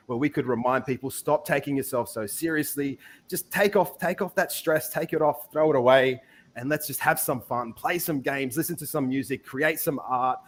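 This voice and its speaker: A man's voice: medium pitch, slightly rough. A man speaking as an interview guest, rambling and enthusiastic, often restarting his sentences. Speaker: project lead, guest. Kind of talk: casual interview.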